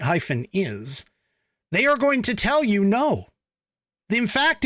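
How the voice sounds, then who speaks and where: A man's voice: high-pitched, fairly bright tone, no echo, clean studio sound. A man from the United States hosting a podcast, giving a blunt, emphatic political commentary monologue with profanity. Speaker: podcast host.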